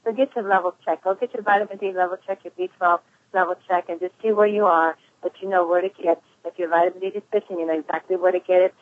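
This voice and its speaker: A woman pastor hosts a conference call, thanking and cheering on callers at a brisk pace. Her voice comes over a narrow, phone-like line. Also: lowish voice, steady tone. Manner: warm, affirming, quick-talking.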